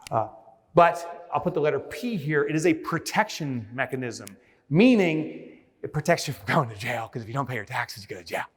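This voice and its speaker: A man giving a conference keynote, telling a story with lively acted-out asides before moving on to business advice. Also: medium pitch, moderate pace. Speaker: keynote speaker. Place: large conference hall. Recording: reverberant hall.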